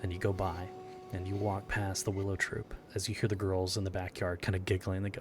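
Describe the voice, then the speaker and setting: A man narrating a tabletop game as game master, in measured, descriptive storytelling. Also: sits low, level tone, a little mellow, a little hiss or hum. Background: background music.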